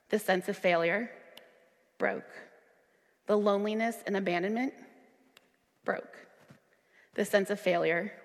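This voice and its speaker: A young woman worship leader giving a sermon with personal testimony, earnest and at times emphatic. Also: a bit bright. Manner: earnest, rising to emphatic high peaks in retold dialogue. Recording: long hall reverb.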